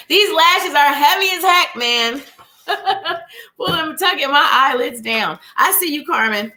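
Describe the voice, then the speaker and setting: Slightly out of breath, a bubbly woman runs a live tarot reading show, chatting, greeting viewers by name, and reading cards. Her voice is fairly high, pushed, and bright.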